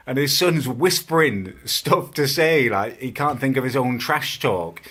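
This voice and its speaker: A man's voice: medium pitch, animated, measured pace, a bit bright. A man, ranting mockingly and incredulously in a casual vlog. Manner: mocking, incredulous, laughing at the subject. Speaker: YouTuber reacting to a video about him.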